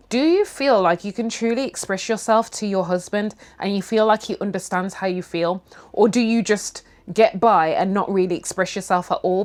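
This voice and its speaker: A young woman from the UK chatting candidly over tea, talking frankly, swearing casually and acting out little quotes. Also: mid-range voice. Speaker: vlogger.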